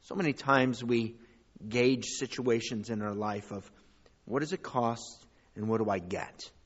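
A man preaching a sermon as pastor, rising to loud, high calls and dropping to quiet asides. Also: steady tone, a little slow, lo-fi sound. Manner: preaching with big swings in pitch and loudness.

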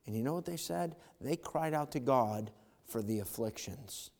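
A man preaching a fervent sermon as pastor, swinging from loud calls to quiet asides, in a church. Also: mid-range voice, animated, moderate pace, gravelly, in a large hall, slight background noise.

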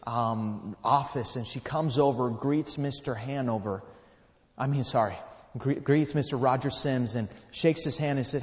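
Male preacher, mid-pitched, earnest sermon storytelling, long hall reverb. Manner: earnest, repeats words while telling the story.

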